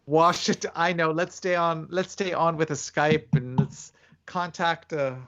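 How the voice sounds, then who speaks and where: A man's voice: on the high side, steady tone, measured pace, fairly bright tone, highs cut off. A man co-hosting a drag livestream, chatting in a camp, playful way and slipping into mock French. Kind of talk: casual livestream chat.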